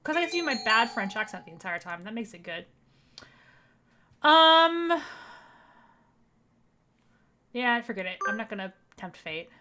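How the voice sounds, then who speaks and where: A woman's voice: fairly high pitch, very animated, moderate pace, noisy background. A woman vtuber giving casual, joking commentary while playing a game. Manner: chatty, joking asides. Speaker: vtuber streamer.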